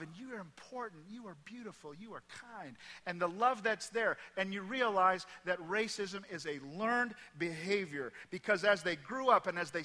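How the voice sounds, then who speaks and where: A man's voice: high voice, pushed and bright. A middle-aged man with a Midwest American accent preaching a sermon in a large church hall, emphatic and repetitive, sometimes dropping almost to a whisper. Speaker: pastor.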